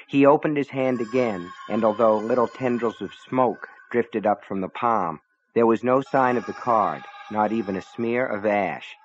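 A man reading a novel aloud as narrator, in measured storytelling. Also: fairly low pitch, lo-fi sound, faint music behind. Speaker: audiobook narrator. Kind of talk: scripted narration.

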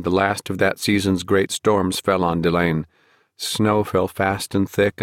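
A man with a very low, deep voice reads a novel aloud in an unhurried, measured way. The sound is close and dry, with no room around it. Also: no echo. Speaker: audiobook narrator. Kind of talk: scripted narration.

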